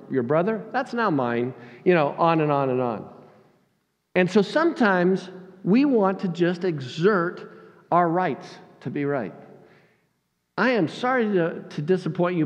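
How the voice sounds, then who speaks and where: High voiced pastor guy telling funny stories on himself, big echoey church room. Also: dull audio. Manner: animated, self-deprecating storytelling. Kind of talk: sermon with personal stories. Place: church sanctuary.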